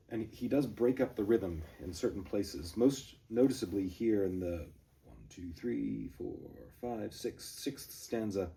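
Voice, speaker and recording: A man reading a poem at a brisk, driving pace, then commenting casually with fillers and restarts. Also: deep voice, warm tone, distant mic. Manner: brisk galloping recitation, rambling asides with fillers. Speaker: poetry reader and commentator.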